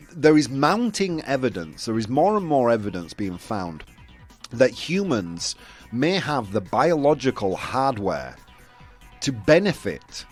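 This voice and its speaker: A young man from the UK hosting a casual chat show, rambling with lots of fillers and restarts. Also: medium pitch. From United Kingdom. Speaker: host.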